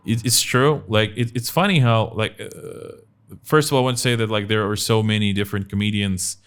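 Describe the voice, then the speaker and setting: A young man with a Russian accent hosting a casual podcast chat, talking in halting bursts with many restarts. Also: on the low side, fairly even intonation, clear, resonant tone. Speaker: podcast host.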